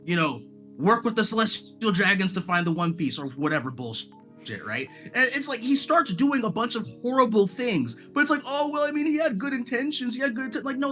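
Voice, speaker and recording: Man, high and lively voice, bright, heated fan rant, casual swearing; faint music bed. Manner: ranting, animated, swears freely. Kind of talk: casual chat.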